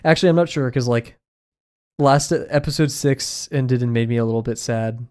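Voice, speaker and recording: A man's voice: mid-range voice, moderate pace, darkish tone. A man chatting casually while drawing on a livestream, rambling with frequent laughs and fillers. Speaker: streamer.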